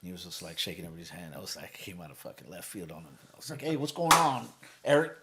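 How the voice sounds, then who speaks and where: A man's voice: deep voice, very fast, heavy background noise. Swearing, storytelling man on a podcast. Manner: energetic storytelling, heavy cursing, acts out quotes. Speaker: guest, motivational speaker. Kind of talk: casual podcast chat.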